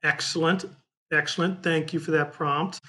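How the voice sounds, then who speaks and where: A man's voice: fairly high pitch, steady tone, normal speed, pushed and bright. A man from Indiana, a trial attorney telling a folksy courtroom story in a casual chat, rambling with many fillers.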